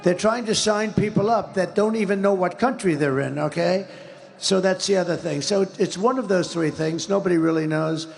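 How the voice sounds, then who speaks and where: An older man with a high, creaky voice speaks at a moderate pace in a large hall. As an interview guest in conversation, he talks emphatically, repetitively and in a rambling way.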